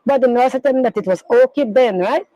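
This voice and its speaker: Halting middle-aged woman recounting a loss. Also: a little high, dark tone, no room sound, poor audio. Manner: halting, rambling, repeats herself, non-standard grammar. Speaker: grieving mother interviewed. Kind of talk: emotional personal recounting in an interview.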